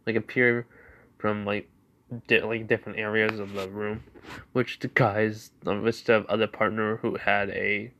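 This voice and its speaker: A man's voice: on the low side, fairly bright tone. A young man casually improvising a fan fiction story, rambling with lots of fillers. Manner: rambling, many fillers like 'like'.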